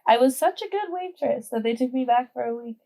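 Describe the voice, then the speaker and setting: A woman's voice: high voice, lively intonation, brisk, gravelly, mellow. Chatty young woman, podcast guest. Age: 20s. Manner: chatty, heavy on fillers. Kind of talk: casual chat.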